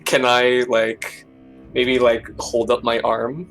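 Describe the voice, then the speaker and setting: A man's voice: mid-range voice, little pitch movement, slow, vocal fry, a bit bright, soft background music, rough recording. A man playing in a tabletop role-playing game, reacting in a sarcastic, wry way. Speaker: player. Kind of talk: casual tabletop play.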